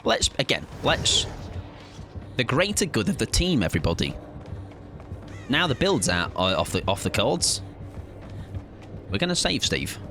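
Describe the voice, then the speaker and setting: A young man chats through his gameplay stream, joking and rambling. His pitch swings around in a lively, animated way, and faint game music plays under his voice. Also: unhurried, long pauses. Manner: playful, joking, chatty with goofy bits. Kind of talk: casual live-stream gaming chat.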